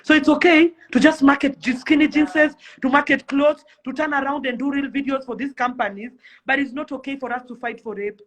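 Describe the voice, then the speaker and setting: A woman's voice: high voice, fairly even intonation, a little fast. A young Kenyan woman delivering an impassioned rant to camera, pleading and fiery, firing off rhetorical questions. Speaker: celebrity influencer.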